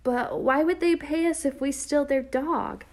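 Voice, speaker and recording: A woman reading an audiobook, voicing a slow, stubborn third-grade boy who talks in plain, drawling kid speech. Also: high-pitched, voice pushed up. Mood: puzzled.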